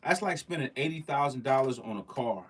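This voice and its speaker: A man talking casually on a livestream, loose and full of slang. He hammers his points by saying them twice and keeps checking in with the people watching. His pitch sits in an ordinary middle range. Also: lively intonation, fairly quick. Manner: slangy, emphatic, repeats phrases, addresses the chat directly. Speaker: livestream host.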